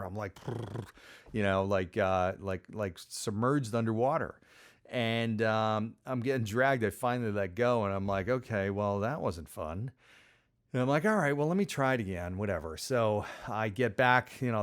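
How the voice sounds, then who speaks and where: A middle-aged man hosting a podcast, telling a personal story in a conversational way with lots of fillers and acted-out quotes. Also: lowish voice. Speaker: podcast host.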